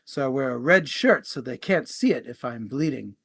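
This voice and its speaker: A man voicing a calm, composed male ship captain while telling a joke. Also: medium pitch, moderate pace, vocal fry, husky, heavily acted.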